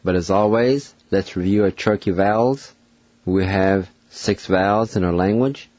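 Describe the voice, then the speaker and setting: A man hosting a radio language lesson, spelling each word out letter by letter and repeating it slowly. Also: sits low, darkish tone, no room sound, muffled recording. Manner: deliberate, spells out words letter by letter and repeats them. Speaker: radio show host teaching language. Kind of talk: slow spelling and pronunciation lesson.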